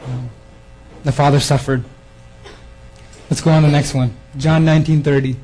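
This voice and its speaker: A man's voice: a little high, steady tone, moderate pace, mellow, faint music behind, rough recording. A man preaching a sermon in an earnest way, often repeating words and restarting his phrases. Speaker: preacher giving a theme talk.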